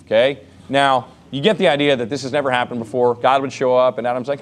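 A man in his thirties teaches a Bible class in an easy, conversational tone. He keeps asking his listeners questions and checking in with "okay?". His voice sits in an ordinary middle pitch. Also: fairly even intonation, fast talker, few pauses.

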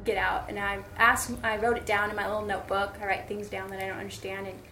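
A woman telling stories as an interview guest, chatty and animated, with many fillers. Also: medium pitch, fast talker, a little hiss or hum. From United States. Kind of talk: conversational storytelling. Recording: echoey room.

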